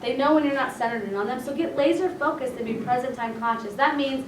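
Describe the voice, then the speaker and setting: Woman, higher voice, casual seminar talk, chatty, echoey room, recorded from a distance. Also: fast, noisy background. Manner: casual, chatty, acts out quoted dialogue. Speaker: chiropractor speaking to chiropractors. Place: meeting room.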